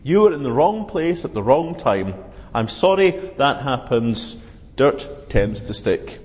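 A man voicing a patient, matter-of-fact solicitor who answers calmly and drily. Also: medium pitch, a little slow. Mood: dry. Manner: calm, dry, matter-of-fact. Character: dry, patient, unmoved male solicitor. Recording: dull, reverberant hall sound.

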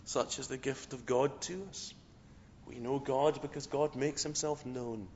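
A man preaching a sermon with a hoarse voice, measured and reflective, with a storyteller's flair. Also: medium pitch, fairly even intonation, a little mellow, a little hiss or hum. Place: church. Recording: dull sound, long hall reverb.

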